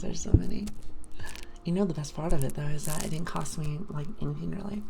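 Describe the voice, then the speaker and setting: Low gravelly whispering woman, ASMR stream. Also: steady tone, fairly quick, over music, poor audio. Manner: soft, rambling, playful whisper to chat. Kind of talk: whispered ASMR livestream chat. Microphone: binaural ASMR mic.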